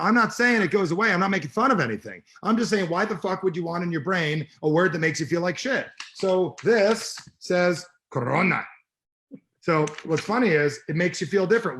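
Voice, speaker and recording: A man's voice: sits high, pushed and bright, a little hiss or hum. A middle-aged man, a personal development coach, talking bluntly and emphatically in an interview. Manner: emphatic, blunt, swears freely. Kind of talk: energetic interview talk.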